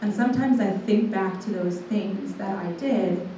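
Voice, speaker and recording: A woman in her twenties giving a personal testimony to a live audience, telling it in a lively way and acting out what people said. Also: mid-range voice, unhurried, a little hiss or hum. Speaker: guest speaker. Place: large room with a live audience. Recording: echoey hall, voice from far off.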